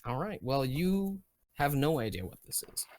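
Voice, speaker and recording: A man running a tabletop game as game master, talking in an unhurried, searching way with many fillers and restarts. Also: on the high side, expressive, darkish tone.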